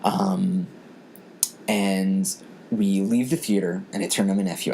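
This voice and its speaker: At a normal speed, this low-pitched podcast host speaks with vocal fry and a darkish tone against slight background noise. He shares a personal story in a casual chat, earnest and emotional, repeating words often.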